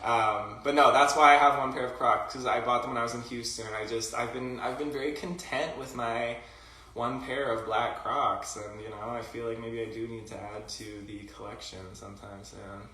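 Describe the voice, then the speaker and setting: A man's voice: mid-range voice, steady tone, normal speed, pushed and bright, far from the mic. A man with a rural Canadian accent, hosting a casual livestream chat, talking loosely with lots of fillers and laughs. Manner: chatty, filler-heavy, laughs often. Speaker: livestream host. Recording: roomy echo from off-mic, faint ambient noise.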